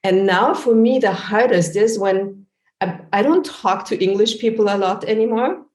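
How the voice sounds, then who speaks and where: A woman, hosting a casual podcast conversation and telling stories in a chatty, animated way. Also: mid-range voice, moderate pace. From Austria. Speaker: host, linguist. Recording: roomy echo.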